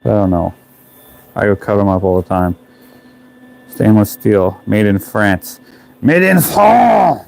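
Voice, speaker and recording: A man's voice: deep voice, flat delivery, measured pace, vocal fry, long pauses, a little mellow. A man from Canada, an artist talking to himself in a casual vlog while he builds a sculpture, half-singing a repeated phrase. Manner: mutters and half-sings a repeated working phrase.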